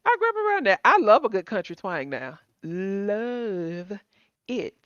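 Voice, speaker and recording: A woman from Texas, hosting a casual chat in an excitable, gushing way. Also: medium pitch, measured pace, dry recording. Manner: excitable, gushing, laughs often. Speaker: show host. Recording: dull lo-fi sound.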